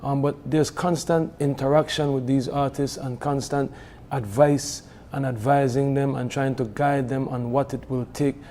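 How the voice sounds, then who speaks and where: A man from Belize speaks in a mellow, darkish voice. He talks in an animated way, full of fillers and restarts. A faint hum of ambience sits behind him. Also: medium pitch, moderate pace. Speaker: music event organizer. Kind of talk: casual studio conversation.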